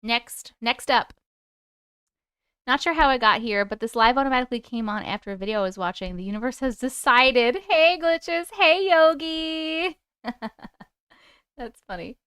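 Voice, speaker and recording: A woman in her thirties with a Long Island accent, hosting a casual live stream; she talks loudly and excitedly and laughs often. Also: fairly high pitch, normal speed, pauses often, smooth, no echo, studio quality. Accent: Long Island New York. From Long Island, New York. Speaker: YouTube live host. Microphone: close microphone.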